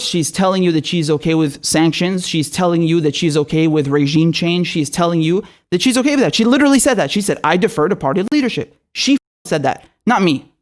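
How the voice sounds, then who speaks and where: A man from Syria delivers an angry political rant as host of his own show. He is profane and sarcastic throughout, and full of fury. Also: fairly high pitch. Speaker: political commentator.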